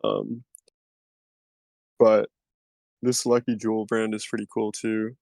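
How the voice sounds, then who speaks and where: A man's voice: fairly low pitch, flat delivery, takes it slowly, creaky, darkish tone, dry recording. A man hosting a casual podcast, talking loosely and rambling, with casual swearing. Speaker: podcast host. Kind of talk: casual chat.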